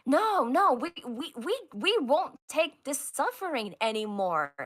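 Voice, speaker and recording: A woman's voice: sits high, big pitch swings, measured pace, fairly bright tone, exaggerated voice. A woman voicing a mutinous male sailor who makes heated, stammering accusations in a tabletop role-play. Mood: angry, accusing.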